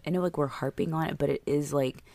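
A woman's voice: deep voice, steady tone, fast, vocal fry, darkish tone, dry recording. A woman co-hosting a podcast in casual chat, recapping a TV show, chatty with lots of fillers. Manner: chatty, filler-heavy, laughs at herself. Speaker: podcast co-host.

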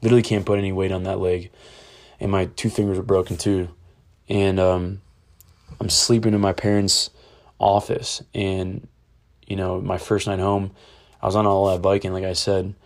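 Low, flat-voiced young man telling a story. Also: normal speed, long pauses. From Ohio, USA. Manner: rambling, candid, swears freely. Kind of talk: casual personal storytelling.

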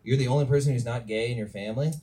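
A man judging a comedy set, talking in a halting, hesitant way full of ums. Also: mid-range voice, steady tone. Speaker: panel judge. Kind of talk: live feedback. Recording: loud background noise.

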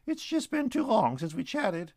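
A man voicing a chatty, cheeky male squirrel in a storybook reading, with quick, chirpy chatter. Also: high voice, sing-song, a little mellow, no room sound, studio quality, pitched above the performer's own voice, exaggerated voice.

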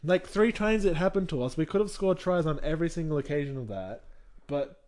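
A young Australian man co-hosting a podcast, animated and quick to laugh in casual chat. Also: a little high. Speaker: podcast co-host.

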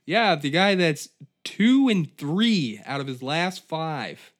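A man's voice: a little high, big pitch swings, slow pace. A man hosting a podcast, ranting on his own in a profane, rambling, exasperated way. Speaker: podcast host. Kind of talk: solo comedic rant.

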